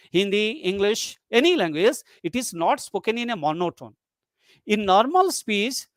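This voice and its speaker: A lecturer delivering an academic webinar, walking through each idea slowly and restating it in new words. The voice sits at a middling pitch and is recorded dry and close, with no room sound. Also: no room sound. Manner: explanatory, repeats and rephrases points, occasional restarts.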